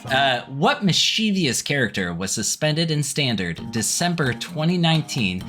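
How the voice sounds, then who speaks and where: Male podcast host running a quiz game, relaxed and joking, lively ups and downs in his voice, with music behind. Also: mid-range voice, normal speed. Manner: laid-back, joking quizmaster. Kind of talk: casual podcast chat.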